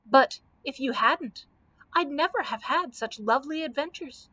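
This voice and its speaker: A woman's voice: high-pitched, a little slow, a little hiss or hum, voice pushed up, exaggerated voice. Woman reading as an eager young girl. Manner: excited, eager. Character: excited young girl adventurer.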